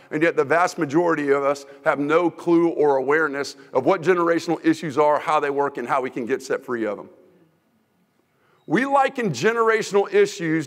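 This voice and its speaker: Gravelly high-voiced joking preacher. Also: male voice, long reverb tail. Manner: joking, teasing, energetic. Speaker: guest preacher. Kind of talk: humorous sermon. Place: church sanctuary.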